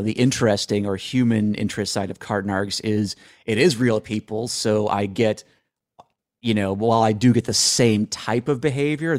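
A man's voice: fairly low pitch, dry recording, studio quality. A man answering interview questions in a rambling, self-deprecating way, often restarting his sentences. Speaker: guest.

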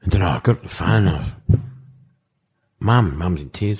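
Very deep, husky Australian man. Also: a little slow. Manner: animated anecdotes, acts out other people's lines, swears casually. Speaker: guest, former rugby league player. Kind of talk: casual storytelling in a podcast chat.

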